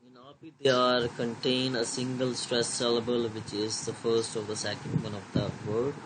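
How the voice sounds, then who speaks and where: A man giving a recorded slide lecture, reading haltingly with many fillers and switching into Hindi to explain. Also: mid-range voice, flat delivery, heavy background noise.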